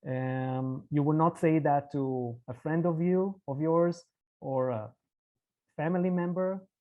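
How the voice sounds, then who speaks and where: A lecturer giving a patient, explanatory online talk over a video call, often checking in with a quick "yeah". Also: mid-range voice. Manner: patient, tags points with "yeah". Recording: tinny phone-like line.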